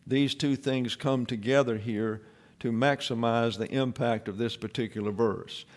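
Man teaching a measured Bible lesson. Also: medium pitch, fairly even intonation. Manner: measured, explanatory, pauses with uh.

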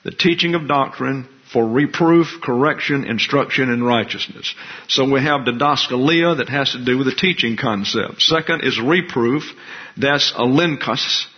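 Deliberate man teaching a Bible class. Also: medium pitch. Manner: deliberate, explains Greek terms slowly. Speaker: pastor teacher. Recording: dull lo-fi recording.

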